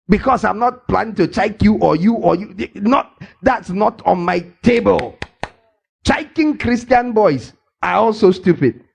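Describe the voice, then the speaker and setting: Playful older preacher, high gravelly voice. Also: male voice, animated, normal speed, darkish tone, highs cut off. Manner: playful and teasing, acts out scenes, laughs often. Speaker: pastor. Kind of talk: lively church sermon. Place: church hall.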